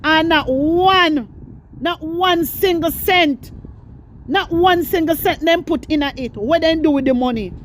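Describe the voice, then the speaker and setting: A woman's voice: very high-pitched, unhurried, a little hiss or hum. A woman with a Jamaican accent giving impassioned political commentary, scolding and repeating herself as she speaks straight to her viewers. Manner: fiery, repetitive, scolding, addresses viewers directly.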